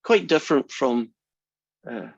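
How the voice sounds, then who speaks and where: A Scottish man teaching a college math class, relaxed and chatty with a dry, teasing humor. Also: mid-range voice, a little slow, no echo, highs cut off. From Scotland. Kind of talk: classroom lecture.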